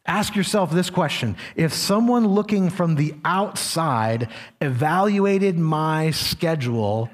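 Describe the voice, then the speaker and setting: A pastor's sermon voice, a man speaking in a high register. He preaches earnestly and lets his voice sink low and quiet when he delivers warnings.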